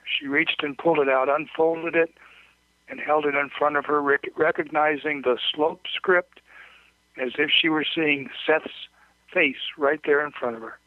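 A man narrating a short story aloud in a measured, plain reading voice with occasional slips. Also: a little high, dry recording. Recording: dry, tinny phone-like recording.

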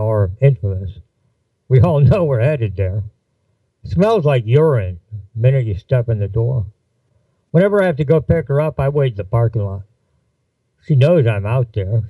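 A man's voice: dry recording, far from the mic, narrow, tinny audio. Man reading a gritty story aloud. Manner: voices dialogue with shifts in pitch. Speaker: narrator. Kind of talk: audiobook-style fiction reading.

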